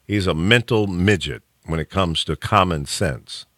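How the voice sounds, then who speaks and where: A radio talk show host, a man with a deep voice and a slightly slow pace, chats casually and gives opinions. He's opinionated and animated, chuckles often, and frequently restarts. The clean studio audio has no room sound.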